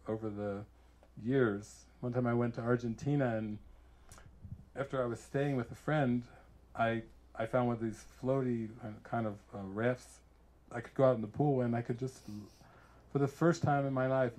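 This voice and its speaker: A man, a spiritual teacher, giving a casual talk full of animated stories and frequent laughter. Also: medium pitch. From United States. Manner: animated storyteller who laughs often.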